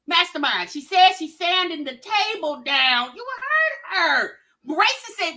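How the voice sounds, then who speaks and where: A woman with a very high, bright voice that swings all over as she reacts. She gives loud, teasing commentary on a clip and talks straight to her viewers. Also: sing-song, normal speed, few pauses. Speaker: reaction video host.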